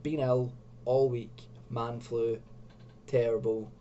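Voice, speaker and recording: A man's voice: mid-range voice, level tone, slow, dark tone. A man hosting his own video channel, reading a choose-your-own-adventure book aloud with chatty, self-mocking asides, in a dull home recording with faint hum. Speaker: video host. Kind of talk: reading and commenting on an adventure gamebook.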